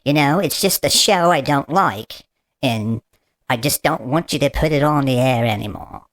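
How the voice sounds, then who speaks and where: A man's voice: medium pitch, animated, normal speed, fairly bright tone, pitched above the performer's own voice. A man putting on a cranky bloody-this protester. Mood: grumpy. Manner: grumpy, complaining, repeats "bloody". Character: cranky male protester with a put-on British-style accent.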